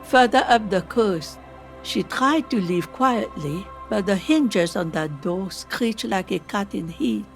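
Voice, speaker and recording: An actress voicing a weary woman from the coast who protects a friend and talks slowly and guardedly. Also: mid-range voice, animated, soft background music. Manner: slow and guarded, pleading.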